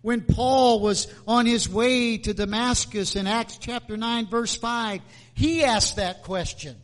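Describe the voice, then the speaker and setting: High-voiced slow preaching man. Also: big-room sound. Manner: slow, emphatic preaching with repeated questions. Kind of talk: sermon.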